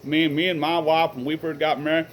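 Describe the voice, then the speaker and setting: A man's voice: on the high side, little pitch movement, fast, a little hiss or hum, poor audio. A middle-aged man casually telling rambling, earnest stories from his childhood in a folksy way. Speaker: vlogger telling family stories. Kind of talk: casual personal storytelling.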